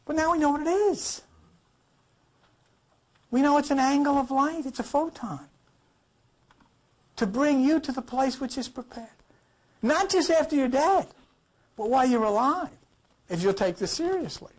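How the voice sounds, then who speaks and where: Man, high-pitched voice, informal Bible class lecture, emphatic rhetorical questions, occasional cough. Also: lively intonation, normal speed, pauses often. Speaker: teacher of a Bible study class.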